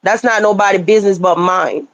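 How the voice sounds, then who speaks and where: A woman's voice: medium pitch, fairly even intonation, brisk, no echo, muffled recording. A woman hosting a casual livestream chat, blunt and scolding as she talks. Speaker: livestream host.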